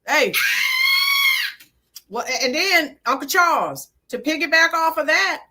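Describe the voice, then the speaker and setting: A woman's voice: high voice, expressive, unhurried, raised voice, very noisy. A woman hosting a live-stream political commentary, emphatic and punchy, greeting chat viewers by name. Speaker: livestream commentary host.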